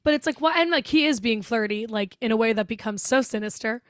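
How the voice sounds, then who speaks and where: Young woman podcaster gushing over a horror movie, bit higher voice, dry close sound. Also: fast, dry recording. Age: 20s. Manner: chatty, excitable, swearing freely, full of "like". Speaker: podcast co-host. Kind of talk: casual chat.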